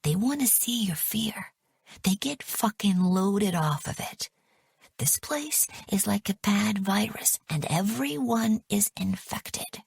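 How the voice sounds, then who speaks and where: Woman does a young captive whispering warnings, urgent, low-key. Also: fairly even intonation, takes it slowly, slightly rough, no room sound, clean studio sound, exaggerated voice. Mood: urgent hush.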